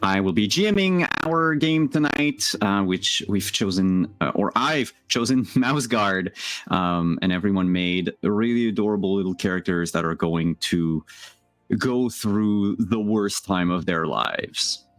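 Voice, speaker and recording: A man with a lowish voice, recorded dry and close, runs a tabletop game on a call. He explains things casually and stops to think aloud with fillers. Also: measured pace, fairly bright tone, no room sound. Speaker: game master. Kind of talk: casual livestream chat.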